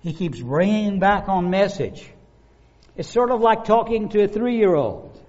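A man preaching a sermon, animated and conversational, acting out the voices of the people he describes. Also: high-pitched, unhurried. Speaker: pastor. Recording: dull lo-fi recording.

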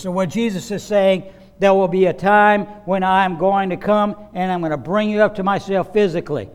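A pastor preaching a sermon, earnest with playful asides. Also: male voice, high-pitched, moderate pace, clean tone.

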